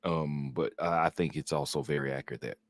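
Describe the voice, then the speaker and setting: A man's voice: a bass voice, steady tone, fairly quick, no echo. A man co-hosting a casual sports chat show, making his points with earnest emphasis. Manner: emphatic, earnest opinion-giving. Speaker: co-host.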